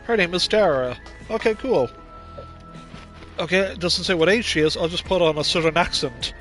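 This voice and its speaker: A man's voice: high voice, normal speed, a bit bright, soft background music. A man streaming a game, talking casually in a rambling, chatty way with lots of filler words. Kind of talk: casual gameplay commentary.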